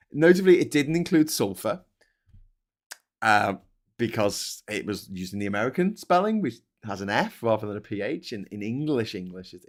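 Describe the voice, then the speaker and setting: A male host giving casual live-stream commentary, ranting in exasperation and swearing a lot, swinging between loud high outbursts and low mutters.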